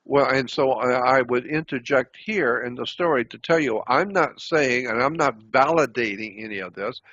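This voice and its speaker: A man's voice: medium pitch, a bit bright. An older man telling a story at length, repeating himself as he recounts what was said to him. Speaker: interview guest. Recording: dull lo-fi recording.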